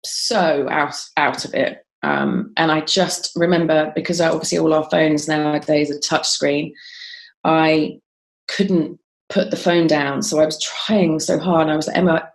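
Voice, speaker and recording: A woman's voice: low-pitched, a little slow. A woman telling a personal story in an interview, with frequent ums and restarts. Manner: frequent ums and restarts, quoting others as she tells it. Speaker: guest.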